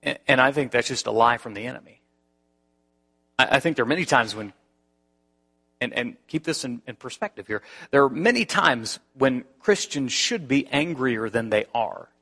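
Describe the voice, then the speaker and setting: Preaching with animation, this man shares a story from his own life while frequently starting his phrases over. His tone is bright and forceful, pitched at a medium level and moving at a moderate pace.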